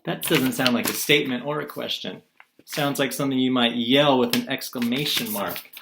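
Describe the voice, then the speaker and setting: Male teacher, video lesson, middle pitch, playful, asks and answers his own questions. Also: moderate pace, gravelly, background noise. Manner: lively, asks the class questions and answers them; playful, acts out quotes in different voices.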